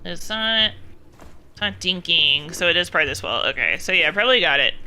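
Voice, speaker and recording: Bright-voiced young woman cursing at a game. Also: fairly low pitch, animated, a little fast, a little hiss or hum. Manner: swears often, scolds the game aloud. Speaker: streamer. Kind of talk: casual gameplay commentary.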